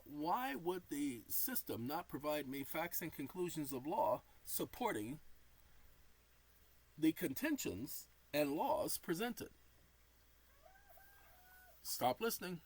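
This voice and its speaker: A tired channel host with a highish, breathy-edged voice talks casually to the camera, reading aloud and dictating punctuation like commas and periods. The recording quality is low.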